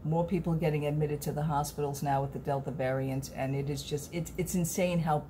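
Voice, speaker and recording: A woman's voice: low-pitched, fairly even intonation, a little fast, mellow, a little hiss or hum. A middle-aged woman, chatting to camera in a rambling, earnest way as a vlogger. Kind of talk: casual chat to camera.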